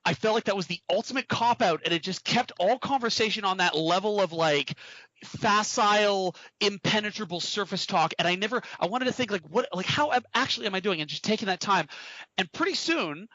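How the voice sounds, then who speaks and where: A man talks earnestly on a casual podcast, urging listeners to take action, and he stumbles and restarts as he goes. His voice is a little high and bright. The sound is dry and slightly dull. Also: a little fast, no echo. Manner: earnest, motivational, many restarts. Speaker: podcast co-host.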